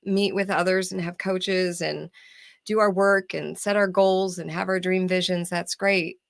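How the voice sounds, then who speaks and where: A woman guest on a spiritual podcast explains her practice in an earnest, teaching manner. Her voice sits low and gravelly. The sound is dry and close, with no room around it. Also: fairly bright tone, dry recording. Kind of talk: casual podcast chat.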